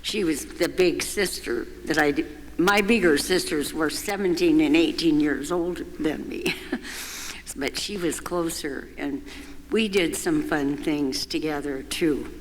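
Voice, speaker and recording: An older woman giving a warm, reminiscing eulogy with gentle amusement at a memorial service in a church. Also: deep voice, unhurried. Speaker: memorial speaker. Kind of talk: personal eulogy. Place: church sanctuary. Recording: long church reverb.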